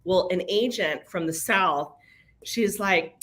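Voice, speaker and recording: Lower-voiced chatty woman co-host. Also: takes it slowly. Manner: chatty storyteller, animated quoting. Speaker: co-host of a real estate broker talk. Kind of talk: casual chat.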